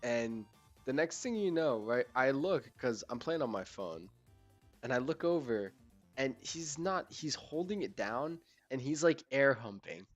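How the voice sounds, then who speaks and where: A man's voice: medium pitch, lively intonation, unhurried, dull audio, soft background music. A young man hosting a casual podcast, talking in a rambling, laid-back way with lots of fillers. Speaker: podcast host. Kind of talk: casual chat.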